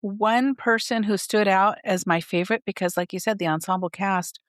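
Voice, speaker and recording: A woman's voice: medium pitch, steady tone, normal speed, dry recording, studio quality. A woman co-hosting a podcast, talking earnestly about a holiday movie's characters in a casual chat. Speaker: podcast co-host.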